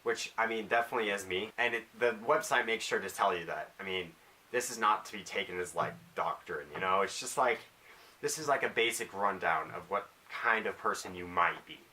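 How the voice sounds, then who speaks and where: Teen male vlogger, low-ish but bright tone, self-deprecating and rambling. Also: a little fast. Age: teens. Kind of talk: casual rambling vlog monologue.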